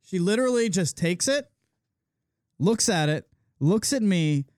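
A man DJ on a podcast, telling a story in casual, animated chat full of "like"s. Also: high-pitched, measured pace, no echo, clean studio sound. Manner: animated, filler-heavy with many "like"s, acts out the people in his story. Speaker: DJ and podcast co-host.

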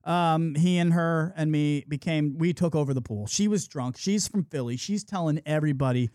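A man's voice: fairly high pitch, normal speed, few pauses, darkish tone, no room sound, studio quality. A man hosting a podcast, telling a long story in casual chat and acting out the people in it. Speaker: podcast host. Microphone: studio mic.

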